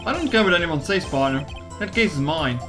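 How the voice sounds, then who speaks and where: Female streamer reading as a brooding young cop, fake cowboy drawl, lowered voice, game music faintly behind. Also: lively intonation, fairly quick.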